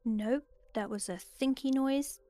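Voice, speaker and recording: A woman's voice: high voice, unhurried, dark tone. A woman playing a tabletop game, casually chatting and recapping events with lots of "like"s. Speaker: player.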